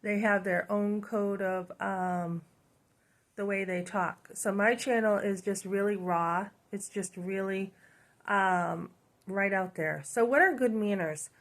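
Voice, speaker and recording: A woman's voice: mid-range voice, takes it slowly. Chatty woman. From New Hampshire, USA. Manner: chatty, frequent "um" and "you know", rambling. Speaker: channel host. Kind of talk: casual storytelling monologue.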